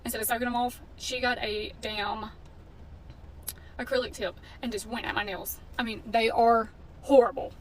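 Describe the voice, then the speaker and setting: Woman, storytime vlogger, fired-up and blunt, slightly high voice, caught from off-mic with faint noise behind. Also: steady tone, moderate pace, recorded from a distance, rough recording. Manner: indignant, blunt, swearing storyteller. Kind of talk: casual storytime vlog.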